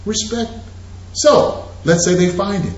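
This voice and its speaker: A man giving an energetic real estate investing seminar, talking straight to his audience. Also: sits high, measured pace. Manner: animated, preachy, addresses audience directly. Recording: echoey lo-fi room recording.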